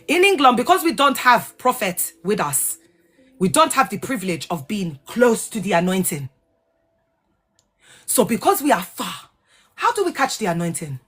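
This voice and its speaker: A woman hosting a casual livestream, talking in an animated, digressive way and spelling out sensitive words letter by letter. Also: mid-range voice, normal speed, husky. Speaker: livestream host. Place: lives in England.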